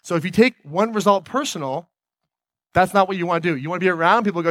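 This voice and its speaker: A man giving an energetic motivational talk on stage, often asking the audience questions. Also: high-pitched, fast talker, no room sound. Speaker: motivational speaker.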